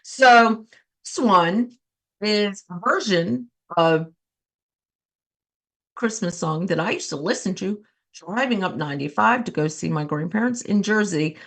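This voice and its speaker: A woman's voice: mid-range voice, unhurried, a bit bright. A woman hosting a laughter yoga session, cheerfully coaxing listeners and breaking into bursts of laughter.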